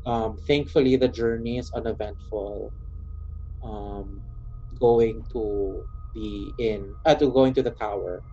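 A man's voice: fairly low pitch, fairly even intonation, takes it slowly, warm tone, breathy edge. A man narrating as game master of a tabletop game, hesitant with frequent ums. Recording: dull lo-fi sound with faint music.

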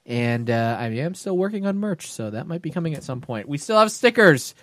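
A man's voice: fairly high pitch, big pitch swings, fairly quick, fairly bright tone, no echo, clean studio sound. A man co-hosting a podcast, chatting casually with loose, profane, joking banter. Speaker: podcast co-host. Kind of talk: casual chat.

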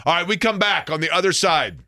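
Guy hosting sports radio, dry studio mic, gets animated telling stories. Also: high voice, fairly quick, no echo. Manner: storytelling, animated in quoted bits. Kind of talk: casual radio talk.

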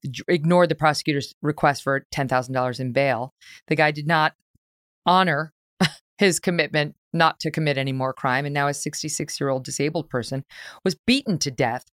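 A woman's voice: low voice, no room sound, studio quality. A woman from New York hosting a political interview, pressing her guest with probing questions. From New York State. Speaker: podcast host.

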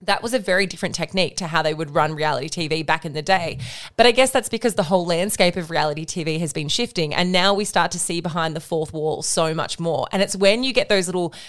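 A woman's voice: fairly low pitch, fast talker. A young woman co-hosting a podcast, talking in an emphatic, opinionated way and swearing casually. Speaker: podcast co-host. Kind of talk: casual chat.

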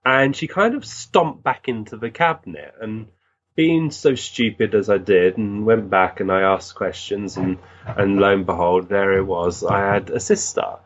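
A man's voice: on the low side, measured pace, dull audio. Earnest man telling stories. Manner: earnest, animated, recounting with many restarts. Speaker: guest, physical medium. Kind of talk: storytelling in conversation.

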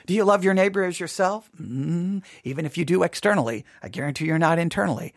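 A man's voice: a little high, lively intonation, fast talker, no echo, studio quality. A man leading a Bible study, talking in a provocative, sarcastic, challenging way. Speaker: Bible teacher. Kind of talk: animated Bible study teaching.

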